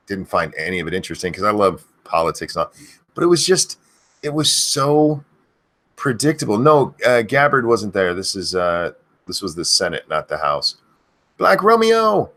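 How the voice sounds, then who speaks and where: A middle-aged man hosting a live stream, chatting casually and crudely, swearing freely, and bursting into high-pitched shouts of viewers' names.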